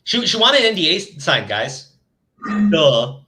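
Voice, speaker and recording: A man's voice: on the high side, sing-song, a little slow, sharp tone, a little hiss or hum. A man hosting a commentary show, ranting angrily and swearing heavily as he reacts to a video. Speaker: commentary channel host.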